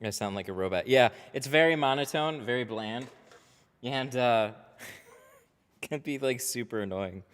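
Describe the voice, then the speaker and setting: A man's voice: mid-range voice, measured pace, smooth. A man who runs a window tint shop, chatting casually and rambling on a livestream while he works, often laughing. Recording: echoey reverberant workshop.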